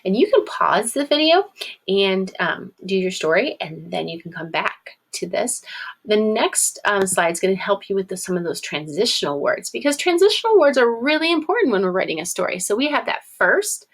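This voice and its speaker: Woman teacher, relaxed classroom video, middle pitch, sounds out phonics. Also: moderate pace. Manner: casual, encouraging, with ums, sounds out words. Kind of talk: recorded video lesson for young children.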